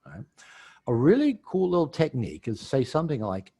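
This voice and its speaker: A man's voice: mid-range voice, wildly swooping pitch, a little fast, mellow, husky. A man, an author and guest on an interview podcast, teaching and explaining while acting out example dialogue.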